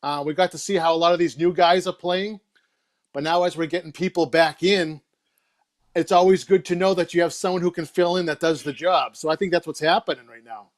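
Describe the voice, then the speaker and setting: A man from the Boston area, a guest on a hockey stream, giving relaxed and thoughtful opinions. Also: on the high side, brisk. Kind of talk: casual chat.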